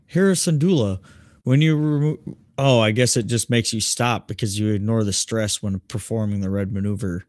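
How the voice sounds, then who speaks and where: A man co-hosting a casual podcast who works through game rules out loud in a relaxed way. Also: fairly low pitch, normal speed, no room sound, studio quality. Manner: thinks aloud, relaxed, laughs easily. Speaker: podcast co-host.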